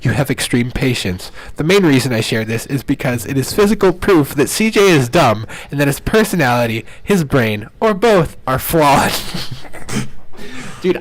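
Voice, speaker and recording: Young man ranting with a laugh. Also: on the high side. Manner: ranting, laughing often, mocking voices in quotes. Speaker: podcast co-host. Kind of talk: casual chat.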